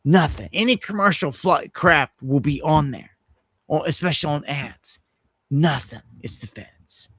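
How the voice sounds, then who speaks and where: A middle-aged man hosts his own live news stream, telling stories in an animated, agitated rush that keeps restarting mid-sentence. His voice sits a little high for a man. The sound is dry and close, with no room echo. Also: unhurried, husky. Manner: animated storytelling, heated and ranting, with frequent restarts. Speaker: host of an independent news livestream. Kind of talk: casual livestream monologue.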